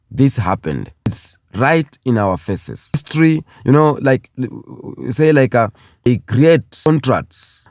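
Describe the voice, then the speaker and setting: A man's voice: medium pitch, a little mellow, no room sound, clean studio sound. A man from Kenya, giving an impassioned video commentary and repeating phrases for emphasis. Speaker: YouTube commentator.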